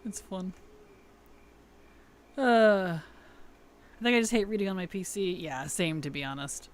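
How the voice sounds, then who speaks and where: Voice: medium pitch, fairly even intonation, unhurried. A streamer chatting casually while playing, laughing often and answering questions from chat.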